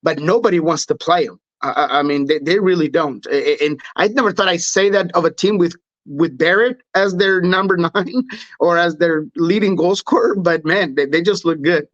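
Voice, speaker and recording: A man's voice: on the high side, normal speed, no room sound, lo-fi sound. A man co-hosting a sports talk show in casual chat, often restarting his words. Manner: stammering restarts. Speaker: co-host.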